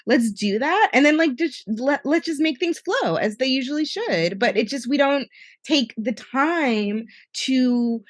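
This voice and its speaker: A woman's voice: high voice, lively intonation, unhurried, no room sound, studio quality. A young woman co-hosting a podcast in casual chat, earnest and heartfelt, often restarting her sentences. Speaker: podcast co-host.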